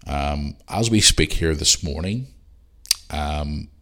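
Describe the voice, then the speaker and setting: A man's voice: a bass voice, slow pace, fairly bright tone. A middle-aged man with a Northern Irish accent, hosting a casual solo podcast and chatting in a rambling, ranting way. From Northern Ireland. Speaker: podcast host.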